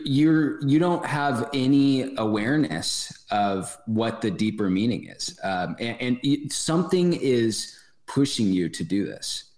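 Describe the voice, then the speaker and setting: A man with a very low voice talks as a guest on a casual podcast, thinking aloud and restarting his sentences. His voice carries a roomy echo. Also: a little mellow. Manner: thoughtful, halting, many restarts. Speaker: running club president, guest.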